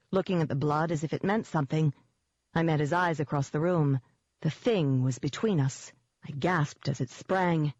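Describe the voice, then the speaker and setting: A woman's voice: fairly low pitch, a little mellow, no room sound, highs cut off. A woman giving first-person scripted narration of an audiobook in a tense, vivid storytelling manner.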